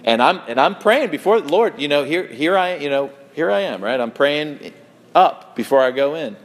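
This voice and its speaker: A man with a slightly high voice preaches to his congregation, spinning everyday stories in a loose, chatty way full of fillers and restarts. His voice rings out with the long reverb of a church hall. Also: animated, normal speed. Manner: conversational storytelling, many fillers and restarts. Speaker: pastor. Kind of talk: sermon.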